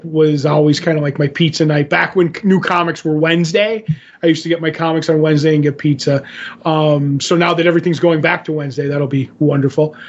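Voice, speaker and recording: A man with a notably high voice tells a meandering story in casual podcast chat, slipping into the lines he and others said. The audio is dull and lo-fi. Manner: rambling anecdote teller, acts out his own quotes. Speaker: podcast co-host.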